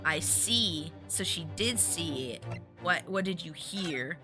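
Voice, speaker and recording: An earnest young lawyer asks question after question, read by a woman streamer. The voice is her own and everyday. Background music plays softly. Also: on the low side, animated, slow.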